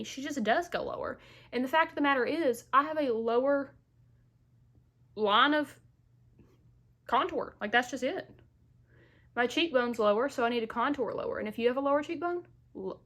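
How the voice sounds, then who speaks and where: A woman's voice: fairly high pitch, fairly bright tone. A young woman vlogger chatting casually through a makeup tutorial at home, playful and full of asides, a little short of breath while she recovers from illness. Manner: chatty, playful asides, Southern-style "y'all". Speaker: beauty vlogger.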